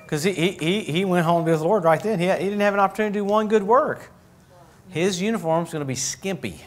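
A man preaches to his congregation in an animated, joking way, breaking into little acted voices along the way. His voice sits a bit higher than most men's. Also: quick pace, slight background noise. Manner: animated, jokey, acts out voices. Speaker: pastor. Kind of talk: sermon. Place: church.

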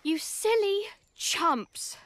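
A woman voicing a tearful young princess in an animated film, pleading in a high, shrill way. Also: drawn-out words, slight background noise, exaggerated voice. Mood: tearful scolding.

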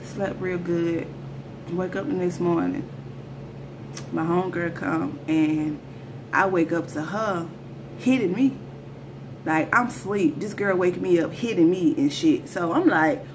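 A woman talks straight to her viewers while she retells a personal story in a casual storytime vlog. Her voice sits at an ordinary middle pitch. Her delivery is loose and animated, full of slang, and a light background hiss stays under it throughout. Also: normal speed. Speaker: storyteller vlogger.

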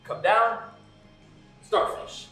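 On a live stream, a man coaching a workout talks extremely slowly in a bright, forceful tone, explaining exercises and counting reps with upbeat encouragement. The mic sits far away in an echoey room, and faint music plays.

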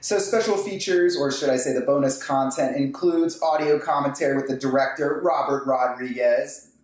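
A man's voice: mid-range voice, moderate pace. A man hosting a casual unboxing, chatting with joking, self-mocking asides. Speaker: host. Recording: echoey room.

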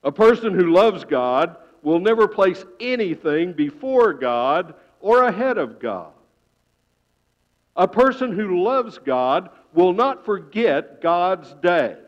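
A man preaching a sermon in church, telling a story with sudden loud swells and quiet hushed drops. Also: high-pitched, big pitch swings, takes it slowly. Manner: dramatic storytelling, swelling loud then dropping to a hush. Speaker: pastor. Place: church sanctuary. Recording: dull reverberant church sound.

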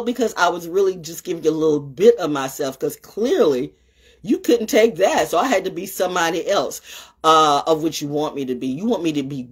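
A woman's voice: low voice, husky. A woman hosting an off-the-cuff livestream, blunt and profane, swinging between ranting and playful sing-song chanting into a phone. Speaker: livestream host.

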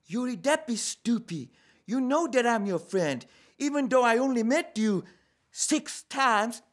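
An actor playing a naive, childlike male pop star in a comedy sketch, talking in a soft, simple-minded, whiny way. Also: extremely high pitch, expressive, unhurried. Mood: sweet.

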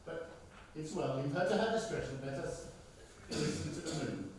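A man's voice: on the high side, moderate pace, darkish tone, a little hiss or hum, natural voice. An actor playing a witty nobleman who makes dry, mocking quips on a theatre stage. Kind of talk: amateur stage acting. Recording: echoey hall from far off.

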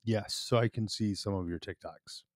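Deadpan low-voiced man co-host. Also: normal speed, no room sound. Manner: dry, deadpan, understated jokes. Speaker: podcast co-host. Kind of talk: casual chat.

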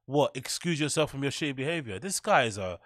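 A man's voice: medium pitch, expressive, fast, dry recording. Mocking man, dry close sound. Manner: mocking, blunt, scolding. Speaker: host. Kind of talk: reaction commentary.

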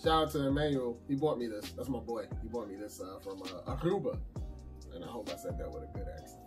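A man's voice: mid-range voice, lively intonation, fast talker. A man chatting casually to his viewers while unboxing, slangy and talkative. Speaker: vlogger unboxing anime figures. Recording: distant mic with music behind.

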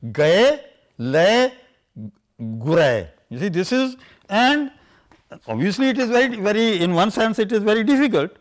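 An older man gives an academic lecture in a slightly high voice. He talks haltingly, restarting phrases and leaning on "you see" as he explains vowel patterns. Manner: halting, many fillers, keeps saying "you see". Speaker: lecturer on scripture language.

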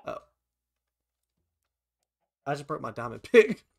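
A man hosting a video game let's play, chatting casually and often bursting into high-pitched shouts and laughter. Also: big pitch swings, slow pace, gravelly. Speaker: gaming channel host.

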